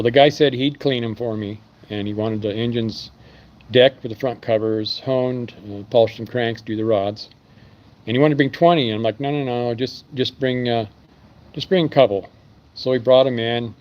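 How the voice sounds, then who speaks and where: A man's voice: mid-range voice, a little mellow, muffled recording. Rambling man chatting from his shop. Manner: rambling storytelling with fillers. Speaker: machine shop owner streaming live. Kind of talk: casual live-stream chat. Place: his engine machine shop.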